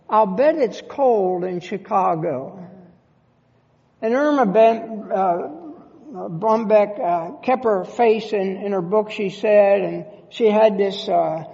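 A pastor preaching a sermon in a church sanctuary, speaking earnestly with halting restarts. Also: medium pitch, gravelly, dark tone, long reverb tail, dull audio.

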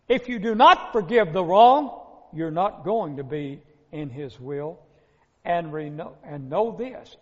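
A male preacher with a high-pitched, expressive, unhurried voice dramatically retells a parable in his sermon, speaking straight to his listeners. The recording is dull, with long hall reverb.

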